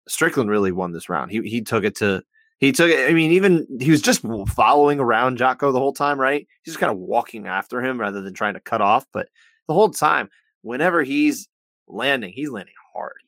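A man co-hosting a podcast, talking through scores in a measured way, thinking out loud with frequent restarts. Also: medium pitch, animated, dry recording. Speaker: podcast co-host. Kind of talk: casual podcast chat about fight scoring.

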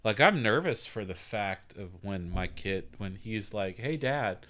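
A man's voice: lowish voice, expressive, measured pace, fairly bright tone. A man who is a podcast guest, talking about fatherhood in a thoughtful, rambling way. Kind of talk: casual conversation.

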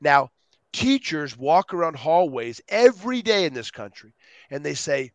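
A man on a podcast as a guest, talking with energy and acting out quotes in lively voices. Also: fairly high pitch, a little slow, no room sound. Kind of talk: animated interview talk.

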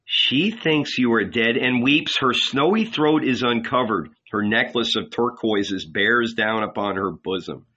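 A gentle consoling male angel, read by a man. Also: medium pitch, animated, measured pace, hardly any pauses, slightly rough, muffled recording, exaggerated voice. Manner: soothing, coaxing, quietly persuasive.

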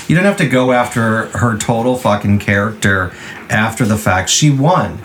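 A man's voice: lowish voice, animated, moderate pace, a bit bright. Guy cohosting a podcast, cussing up a storm, bit of background hiss. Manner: profane, ranting. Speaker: podcast co-host. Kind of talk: casual chat.

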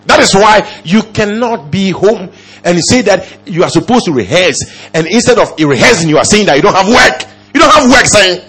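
A man preaching with a husky, slightly raised voice that leaps all over its range. He hammers home points with rhetorical questions, dropping to a murmur and then surging loud again. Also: animated, moderate pace. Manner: emphatic, rhetorical questions, swings from low murmurs to loud exclamations. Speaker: pastor. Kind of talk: sermon.

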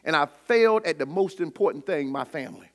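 A middle-aged male preacher, giving a sermon with personal testimony and call-and-response preaching that builds to shouts. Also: a little high, expressive, a little fast.

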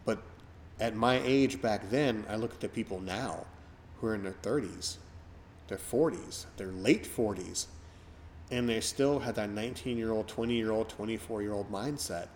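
A middle-aged man hosts a casual podcast chat in a lowish voice. He rambles and reflects, with many fillers and restarts. A faint hiss sits under the recording. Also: normal speed, darkish tone. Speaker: podcast host.

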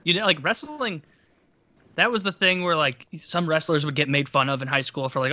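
A man's voice: a little high, lively intonation, moderate pace, sharp tone, no echo. A man in casual chat, joking and mock-quoting people in silly voices.

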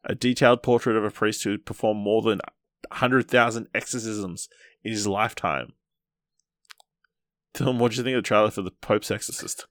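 A man hosting a film podcast, reading out trailer details and chatting in a steady way. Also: lowish voice, fairly quick, long pauses, no echo, studio quality. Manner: steady, reads listings, laughs easily. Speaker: podcast host.

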